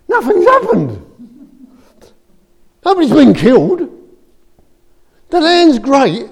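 A man's voice: very high-pitched, wildly swooping pitch, measured pace, creaky, pauses often. A man giving an informal, conversational sermon that rises to emphatic outbursts. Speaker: preacher.

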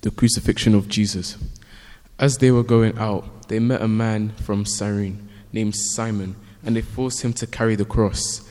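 A man reading a Bible passage aloud, steady with small slips. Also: on the low side, moderate pace. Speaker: scripture reader. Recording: long hall reverb.

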